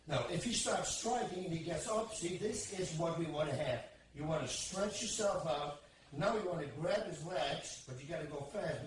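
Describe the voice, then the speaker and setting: A fairly high-voiced man teaches grappling escapes, counting out each move as he works them on a partner. He sits well back from the mic in a very echoey gym, and a faint room hum runs underneath. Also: distant mic. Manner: counts moves aloud while demonstrating holds. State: strained under pressure at times. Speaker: martial arts instructor. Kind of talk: instructional demonstration.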